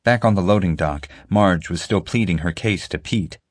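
A male audiobook narrator with a very deep voice reads scripted narration at a moderate pace in a steady storytelling manner. The recording is dry and close, without any room sound.

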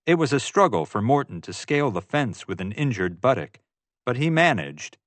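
A man's voice: medium pitch, big pitch swings, moderate pace, dry recording. A man giving first-person audiobook narration in a wry, storytelling manner.

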